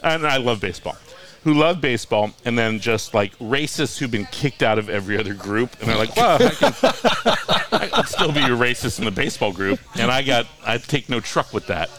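A man's voice: medium pitch, a little fast, fairly bright tone. A man who is a guest author, telling wry, mocking stories in casual podcast chat and laughing often. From Coachella Valley, California.

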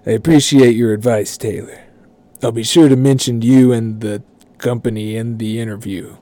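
A man voicing a calm, creepy stranger who speaks deadpan and politely menacing. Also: medium pitch, moderate pace, natural voice. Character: creepy calm man asking about arson.

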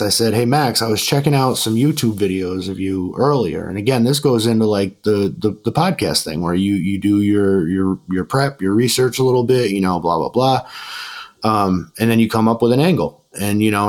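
A man hosting a podcast, telling stories in a rambling, casual way with many restarts and fillers, and getting animated when he quotes others. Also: on the low side. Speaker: podcast host. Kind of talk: casual storytelling chat.

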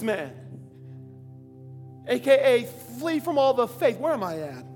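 A man preacher giving a lively sermon in slang, with bursts of shouting. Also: very high-pitched, a little slow. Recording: long hall reverb, faint music.

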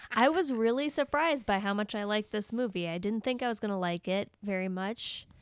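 A woman's voice: mid-range voice, brisk, clean tone. A woman co-hosting a podcast, chatting casually in a giggly, upbeat way. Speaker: podcast co-host. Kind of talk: casual chat.

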